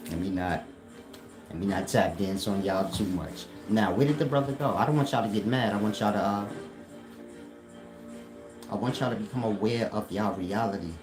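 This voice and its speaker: A man's voice: lowish voice, moderate pace, pauses often, over music, low-quality recording. A man in casual online talk, slangy and mocking, who laughs often at his own jokes. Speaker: online commentator.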